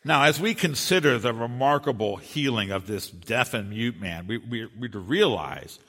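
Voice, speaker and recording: A male pastor preaching an earnest sermon, slowing down and dropping soft on key phrases. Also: mid-range voice, expressive. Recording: long hall reverb.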